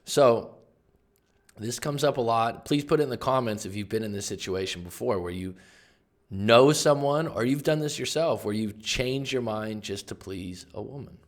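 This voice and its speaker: A man, a life coach, explaining a book's ideas in casual, emphatic commentary with sudden loud bursts. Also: mid-range voice, normal speed.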